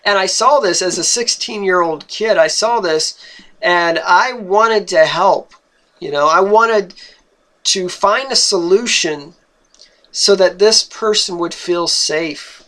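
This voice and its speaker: A young man with a notably high voice tells a personal story at an unhurried, deliberate pace. He speaks earnestly and haltingly, stumbling over and repeating words as he searches for them. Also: pushed and bright.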